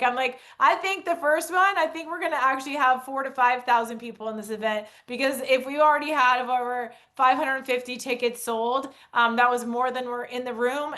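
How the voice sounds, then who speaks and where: A woman's voice: a little high, bright, forceful tone. A woman hosting a video call in an upbeat way, greeting attendees by name. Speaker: host.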